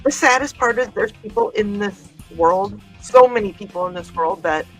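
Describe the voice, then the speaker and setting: A woman hosts a casual livestream, reading viewer comments aloud and laughing often. She speaks at medium pitch and normal speed, with faint music in the background.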